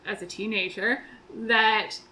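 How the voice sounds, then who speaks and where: A woman co-hosting a podcast in casual chat, animated and quick to laugh. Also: medium pitch, rough recording. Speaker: podcast co-host.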